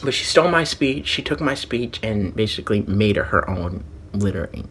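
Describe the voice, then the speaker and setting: A man's voice: on the low side, animated, normal speed, a bit bright, slight background noise. Rambling young man telling a story. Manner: rambling, heavy "like" fillers, frequent restarts. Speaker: vlogger.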